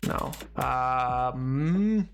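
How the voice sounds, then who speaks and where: A man's voice: mid-range voice, lively intonation, extremely slow, vocal fry, background noise. A man streaming live, chatting casually with viewers in a rambling, self-mocking way and laughing often.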